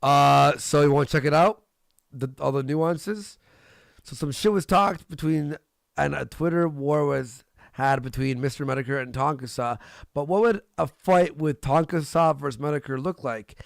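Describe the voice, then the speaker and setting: A man's voice: on the high side, moderate pace, vocal fry, dry recording, studio quality. A man hosting a livestream in a crude, joking way with frequent laughter. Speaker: livestream host. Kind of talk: casual livestream commentary.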